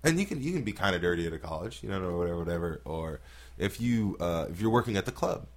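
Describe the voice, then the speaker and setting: Profane, lively male comedian. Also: low-pitched, quick pace. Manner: profane, animated storytelling with acted-out quotes. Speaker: stand-up comedian, guest. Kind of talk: casual podcast conversation.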